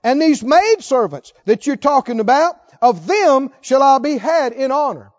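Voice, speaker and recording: A man preaching a sermon emphatically, swinging between loud declarations and hushed lines. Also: very high voice, lively intonation, a little slow, dull audio. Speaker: pastor.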